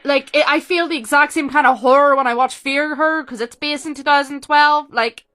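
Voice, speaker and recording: Young female vlogger, fairly high pitch; chatty, emotional fan with quick self-interrupting restarts. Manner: excitable, talks fast with restarts and self-interruptions. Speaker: vlogger reacting to a TV rewatch. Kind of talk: casual chatty reaction commentary.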